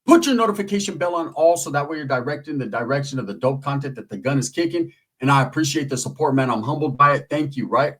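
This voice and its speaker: A man's voice: fairly high pitch, animated, fast, a bit bright, poor audio. A man hosting his own channel, telling a story in a slangy, playful, rhythmic way. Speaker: channel host. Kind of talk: casual storytelling commentary.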